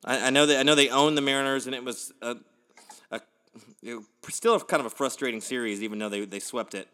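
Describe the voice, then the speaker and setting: A man's voice: medium pitch, fast talker, pushed and bright. Rambling man talking baseball. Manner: rambling, with frequent restarts and swearing. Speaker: podcast co-host. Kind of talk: casual sports chat.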